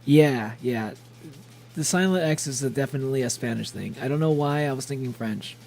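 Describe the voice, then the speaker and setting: Gravelly young man streaming chatter. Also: mid-range voice, a little fast, a little mellow. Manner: rambling, laughs often, chatty. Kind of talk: casual gameplay streaming chat.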